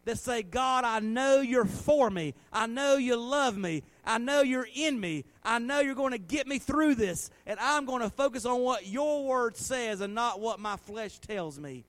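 A man, a pastor preaching a sermon and leading a prayer, swinging between loud exhortation and soft, earnest prayer. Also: very high-pitched, unhurried, few pauses, no echo.

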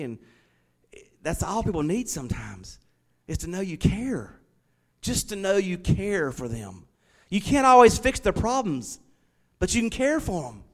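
A middle-aged pastor preaches a sermon, moving from quiet, conversational storytelling into emphatic declarations. His voice sits high.

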